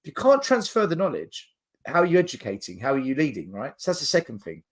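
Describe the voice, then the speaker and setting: A man co-hosting a casual football podcast, explaining his points step by step with lively emphasis. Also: on the high side, fast talker. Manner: animated, explains in numbered points. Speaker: podcast co-host.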